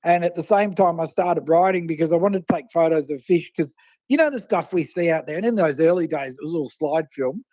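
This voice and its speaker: An Australian man, a fishing writer and photographer, telling animated stories over a phone line and acting out the people he quotes. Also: a little high, a little fast, no echo. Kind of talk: casual storytelling over the phone.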